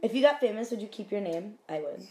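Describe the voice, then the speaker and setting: A young woman in casual chat, an animated, giggly storyteller. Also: mid-range voice, quick pace.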